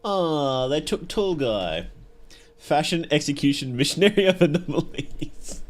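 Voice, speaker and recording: A man's voice: a little high, sing-song, unhurried, a little hiss or hum. Young guy streaming a game, chatty and giggly, voice jumps all over the place. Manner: chatty, laughs often, reads game lines aloud. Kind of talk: live gameplay commentary.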